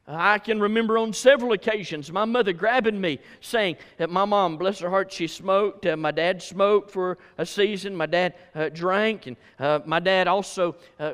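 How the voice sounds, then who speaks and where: A man preaching a sermon, swinging from loud rhythmic calls to quiet storytelling. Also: high voice. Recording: hall reverb.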